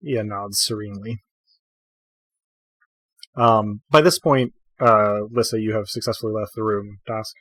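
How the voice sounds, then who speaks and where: A man acts as game master in a tabletop role-playing game, narrating scenes in a relaxed, descriptive way. His voice sits on the low side. The sound is dry and close. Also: a little slow, dry recording. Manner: relaxed, descriptive, frequent fillers.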